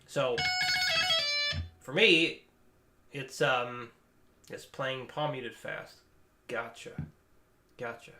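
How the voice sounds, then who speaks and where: A man's voice: medium pitch, extremely slow, pauses often, sharp tone. Casual man chatting over guitar playing. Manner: loose and rambling, swears casually, demonstrates on guitar. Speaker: guitar teacher and stream host. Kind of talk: casual live-stream reaction chat. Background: electric guitar playing.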